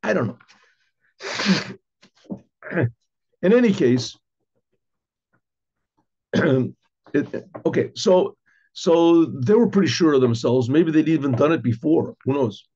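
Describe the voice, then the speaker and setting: A middle-aged rabbi teaches an informal class, his slightly high, husky voice doubling back on phrases and pausing to clear his throat. He tosses out rhetorical questions as he explains a text. The recording sounds dull and lo-fi. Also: lively intonation, warm tone.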